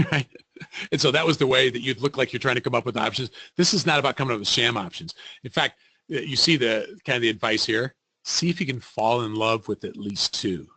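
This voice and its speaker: Middle-aged guy running a webinar, kinda gravelly but bright, very dry close sound, acts out what people said. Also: mid-range voice, no room sound. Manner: animated storyteller acting out quoted voices. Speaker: webinar presenter. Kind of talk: interactive webinar talk.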